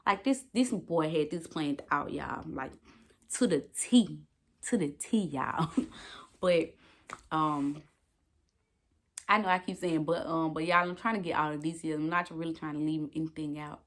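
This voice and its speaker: Woman in her twenties, slightly low voice, casual storytime vlogger, animated and profane, keeps talking straight to viewers. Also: measured pace.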